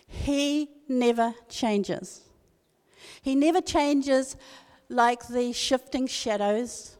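The long reverb of a hall carries this older woman's high, slightly mellow voice as she speaks very slowly. At a women's church meeting, she gives an earnest devotional talk, relating a family story and repeating key phrases.

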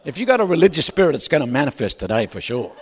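Loud, animated, and very fast with a fairly high pitch, a man preaches a sermon in a long hall reverb. He keeps asking the crowd for agreement and throws in joking asides with laughs.

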